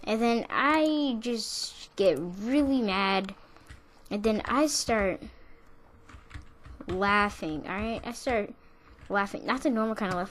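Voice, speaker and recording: A woman's voice: medium pitch, expressive, slow pace, long pauses. A young woman casually telling a story about school, rambling with lots of "like" and restarts. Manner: rambling, full of "like" and restarts, with bursts of laughter.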